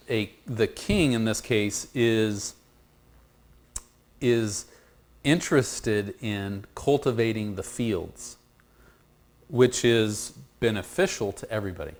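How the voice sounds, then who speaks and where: Low voice guy teaching bible class, stop-start, lots of restarts. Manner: halting, repeats words and restarts often; invites answers from the group.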